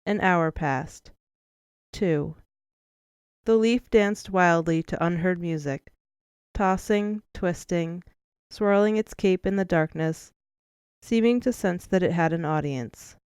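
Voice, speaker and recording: A woman narrating an audiobook in a measured, expressive storytelling manner, close to the mic. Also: lowish voice, smooth, dry recording. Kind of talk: scripted narration.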